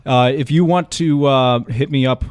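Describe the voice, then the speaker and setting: A man's voice: mid-range voice, moderate pace, smooth, no echo. A young man hosting a college radio metal show, chatting casually in a rambling, self-mocking way. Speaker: radio host.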